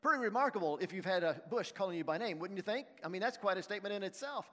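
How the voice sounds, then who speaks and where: Male preacher, high voice, storytelling sermon, long hall reverb. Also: expressive, racing, a bit bright. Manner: storytelling, asking the congregation questions.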